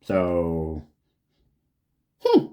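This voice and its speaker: Furious male vlogger, profane sarcastic rant, lively up-and-down delivery. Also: sits low, very slow. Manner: swearing, heated, sarcastic. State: angry.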